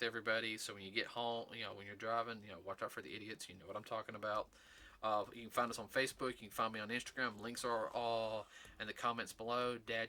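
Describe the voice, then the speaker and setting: A man hosting a casual talk show, speaking in an earnest, rambling way with halting restarts. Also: mid-range voice, sharp tone. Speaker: host. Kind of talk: casual chat.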